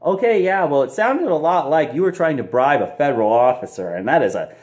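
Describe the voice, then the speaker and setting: A man's voice: on the high side, expressive, a little fast, a little mellow, pitched above the performer's own voice, close to an everyday voice. Man mimicking a stern federal agent. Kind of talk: movie review vlog.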